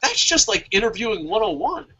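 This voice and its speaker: A man's voice: sits high, very animated, a little fast, pushed and bright, slightly rough, low-quality recording. A man hosting a casual wrestling talk show, rambling, swearing and laughing often. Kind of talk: casual podcast chat.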